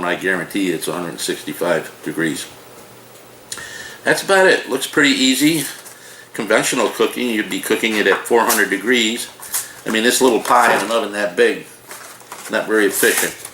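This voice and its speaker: A man's voice: lowish voice, a bit bright. A man in his sixties casually reviewing frozen food at home, a folksy, rambling talker who wanders off into jokes and old stories. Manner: folksy, digressive, joking storyteller. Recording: roomy echo, faint noise.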